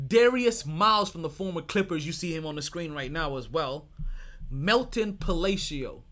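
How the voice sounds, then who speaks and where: Bright, animated podcast host man. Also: high-pitched. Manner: animated, swears freely, laughs often. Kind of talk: casual sports podcast talk.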